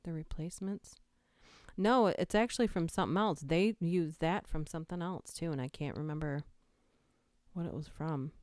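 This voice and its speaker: Speaking at a normal pace in a low, darkish voice, a woman hosts a chatty, giggly livestream from home and whispers as she reads creepy lines aloud. Allergies make her nose slightly stuffy. The close-miked sound is clean studio audio with no echo.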